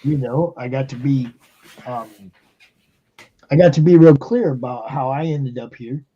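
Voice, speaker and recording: A man's voice: medium pitch, unhurried, husky, dull audio. A man hosting a live stream, talking casually and emphatically with lots of fillers and swearing. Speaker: streamer and show host. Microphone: computer mic on a live stream.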